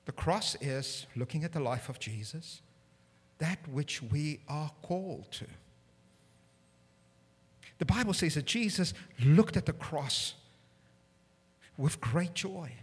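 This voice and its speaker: A man preaching a sermon in a church, animated and humorous with self-deprecating asides, building to loud emphatic peaks. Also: fairly high pitch, slow pace, pauses often, slightly rough. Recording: long hall reverb.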